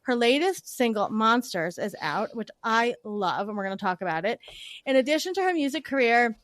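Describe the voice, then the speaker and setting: A woman's voice: fairly high pitch, sing-song, normal speed, fairly bright tone, no room sound. A woman hosting an interview podcast, effusive and gushing as she introduces and questions her guest. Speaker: podcast host.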